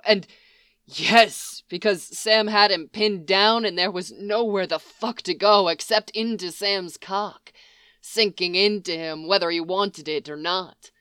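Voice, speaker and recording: Slow, bright-voiced storyteller. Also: medium pitch, clean tone, no room sound, studio quality. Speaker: narrator. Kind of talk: audiobook reading of fan fiction.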